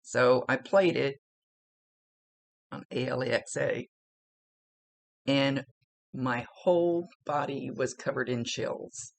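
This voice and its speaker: A woman's voice: extremely low pitch, slow pace, gravelly, long pauses. A middle-aged woman giving a recorded psychic reading in a chatty, emotional, blunt way, swearing freely. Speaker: psychic medium.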